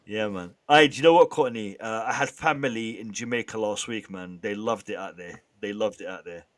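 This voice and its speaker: A man hosting a casual live stream, bantering with the chat in a lively way and often restarting his sentences. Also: lowish voice, fairly quick. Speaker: livestream host.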